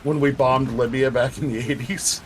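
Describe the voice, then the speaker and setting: A man's voice: medium pitch, fairly even intonation, normal speed, slight background noise. A man joking crudely with friends during a game, teasing and laughing as he talks. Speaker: co-player in a gaming stream. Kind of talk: casual gaming chat.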